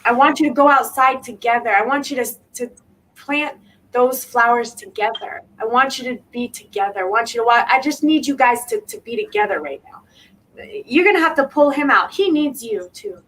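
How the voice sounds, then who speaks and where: A woman with a high voice gives a live spiritual reading as a medium. She talks emphatically and returns to the same words again and again to reassure her listener. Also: normal speed, a bit bright, low-quality recording. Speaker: psychic medium.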